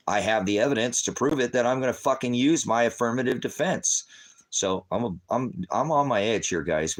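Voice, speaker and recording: A middle-aged man ranting angrily on a livestream as a father, cursing heavily and swinging from shouting to quiet. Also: on the low side. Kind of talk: angry livestream rant.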